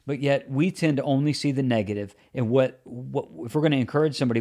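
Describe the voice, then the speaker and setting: A man's voice: mid-range voice, a little mellow. Earnest man giving practical advice. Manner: earnest, plain-spoken, practical advice with mock examples. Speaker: podcast host. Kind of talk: solo podcast teaching.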